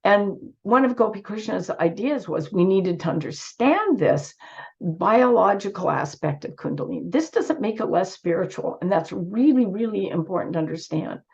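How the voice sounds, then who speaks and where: A woman speaks with earnest emphasis in an online lecture, often restarting her sentences. Her fairly low voice sounds squeaky from a cold. The sound is dull and lo-fi, as over a video call. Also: vocal fry, darkish tone. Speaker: speaker giving a talk.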